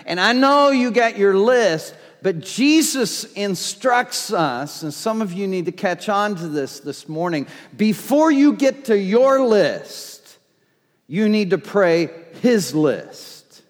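A man's voice: high voice, expressive, slow, in a large hall. A man preaching a sermon as pastor, emphatic and driving his points home with repeated declarations.

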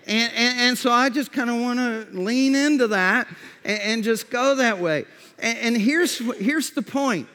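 A man preaching a sermon in a conversational way, often restarting his sentences and softening for reflective questions. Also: very high voice. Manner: conversational preaching with repeated false starts; drops to a soft, slow voice for reflective questions. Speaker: pastor. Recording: long hall reverb.

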